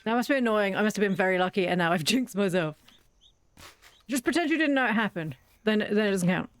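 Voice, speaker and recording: A woman's voice: mid-range voice, animated, quick pace. A woman chatting through a game, wry and self-mocking, talking fondly to her in-game animals. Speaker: gaming video creator. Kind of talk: casual let's-play commentary.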